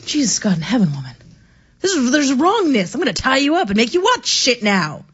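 A woman in casual, crude banter, profane and animated and quick to laugh. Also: high voice, slightly rough, muffled recording.

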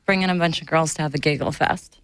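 A woman's voice: sits low, quick pace, no room sound. A woman co-hosting in casual chat, teasing her partner and laughing often. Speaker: co-host. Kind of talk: casual joking commentary.

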